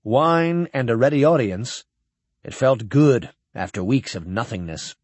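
Expressive male audiobook narrator. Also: mid-range voice, measured pace, dry recording. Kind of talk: scripted narration.

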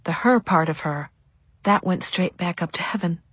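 Tired grieving mom, breathy and lowish, hushed gentle talk. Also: female voice, moderate pace, dry recording. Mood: sorrowful. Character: young mother, weary, tender and grieving. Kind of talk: audiobook dialogue.

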